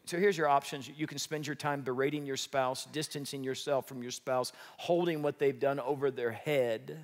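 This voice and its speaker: A man preaching a sermon as pastor, lively and joking, sometimes acting out what people say. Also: mid-range voice. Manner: lively, joking, acts out quoted speech. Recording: reverberant church hall.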